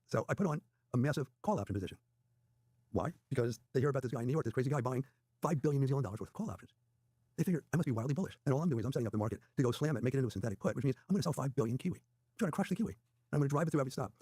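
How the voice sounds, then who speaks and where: A man as the guest trader in an interview, telling stories quickly and quoting other people's dialogue as he goes. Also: medium pitch, warm tone, husky, no echo, studio quality. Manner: rapid anecdotal retelling with quoted dialogue. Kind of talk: interview storytelling.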